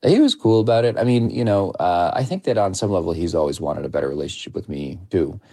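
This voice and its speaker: A man in his thirties, a documentary filmmaker, giving measured, reflective interview answers with frequent restarts. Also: sits low, expressive, warm tone, breathy edge, dry recording, studio quality. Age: 30s. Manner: measured, with many restarts and hedging fillers.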